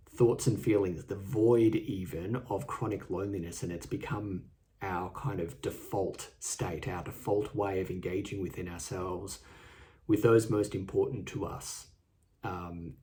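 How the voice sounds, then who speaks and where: A man with an Australian accent hosting a solo podcast, earnest and halting, often repeating his words. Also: on the low side, mellow. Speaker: podcast host. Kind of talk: reflective solo podcast talk. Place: indoors, seated. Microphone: studio microphone and camera.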